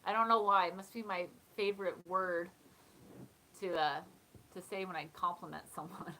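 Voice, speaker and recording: A woman's voice: fairly low pitch, fairly even intonation, normal speed, pushed and bright, poor audio. A woman hosting a casual live chat, talking in a chatty way, often laughing and reading comments aloud. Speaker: live stream host.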